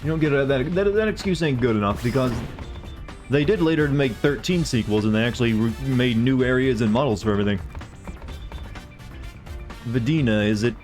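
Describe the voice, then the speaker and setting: A man's voice: medium pitch, a little fast, long pauses, a little mellow, faint music behind. A young man giving casual, rambling gameplay commentary as a streamer, cracking jokes at the cutscenes.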